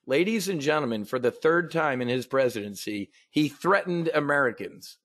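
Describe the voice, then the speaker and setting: A man's voice: mid-range voice, animated, moderate pace, few pauses, a bit bright, dry recording, studio quality. A man hosting a market briefing, ranting bluntly and sarcastically, with casual swearing and frequent restarts. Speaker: host of a trading market briefing. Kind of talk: casual profane livestream commentary.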